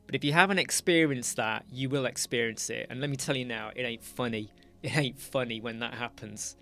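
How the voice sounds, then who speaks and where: A man's voice: medium pitch, brisk, creaky, bright, forceful tone, faint music behind. A man, chatting casually on a livestream while he works, ranting about clients. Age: 40s. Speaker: web designer livestream host.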